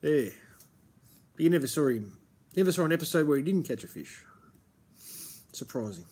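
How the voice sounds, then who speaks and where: A man's voice: on the high side, animated, brisk, warm tone, breathy edge. A man with a broad Australian accent, chatting and rambling casually as a stream host, swearing freely and calling everyone mate. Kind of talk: casual chat.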